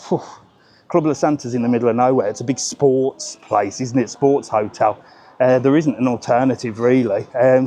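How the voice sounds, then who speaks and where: A man's voice: mid-range voice, dark tone, slight background noise. A man with a Birmingham accent, chatting casually as he walks outdoors on a live travel vlog, full of informal slang. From Birmingham, England. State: out of breath. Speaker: travel vlogger. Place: outdoors on a hillside street.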